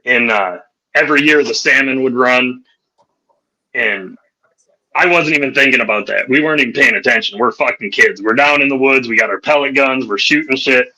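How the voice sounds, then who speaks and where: A man's voice: medium pitch, moderate pace, bright, forceful tone, poor audio. A man hosting a podcast, telling profane, rowdy anecdotes in casual chat and laughing through them. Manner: laughs through his stories. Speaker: podcast host.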